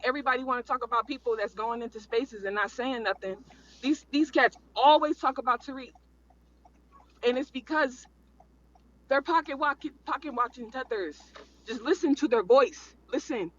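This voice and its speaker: A man's voice: very high voice, sharp tone, highs cut off. A man in a casual panel chat, talking in a rambling, emphatic way and repeating his points.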